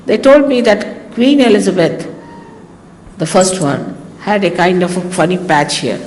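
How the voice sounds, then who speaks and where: A woman's voice: on the low side, sing-song, measured pace, darkish tone. An Indian woman delivers a spiritual talk in a loose, chatty manner, drifting into teasing stories. Her Indian English accent carries through a long-echoing hall. A faint hiss from the old 1980s recording stays underneath. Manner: anecdotal storytelling, chatty and teasing. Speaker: spiritual teacher.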